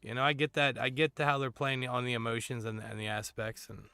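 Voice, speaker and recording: A man's voice: medium pitch, little pitch movement, fairly quick, bright, forceful tone, clean tone, no room sound. A man hosting a live stream, talking in a laid-back way and reading out viewer comments. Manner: laid-back, reads viewer chat aloud. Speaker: host. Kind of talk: casual chat on a live stream.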